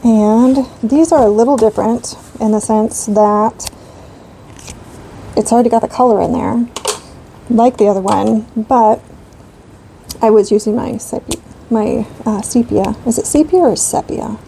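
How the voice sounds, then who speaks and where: A woman's voice: on the high side, steady tone, unhurried, gravelly, pauses often, dark tone, slight background noise, low-quality recording. A woman in her thirties chatting casually while she colors, rambling with lots of fillers. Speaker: coloring channel host.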